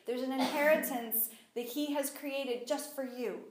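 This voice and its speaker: A woman gives a lively, conversational Bible teaching with a fairly high voice. She slips into acted-out voices as she makes her points. The sound is roomy and echoey. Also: measured pace. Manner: animated, acts out quoted voices. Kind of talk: conversational sermon. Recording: echoey room.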